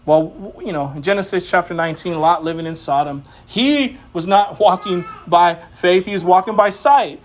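A man's voice: high voice, moderate pace, few pauses. A man giving a casual sermon as a Bible teacher, passionate and slangy, often laughing as he preaches.

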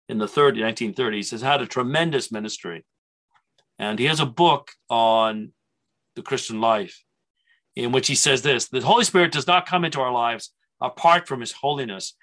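A man's voice: medium pitch, sharp tone. A man teaching a church Bible seminar in a conversational way, with frequent restarts and asides.

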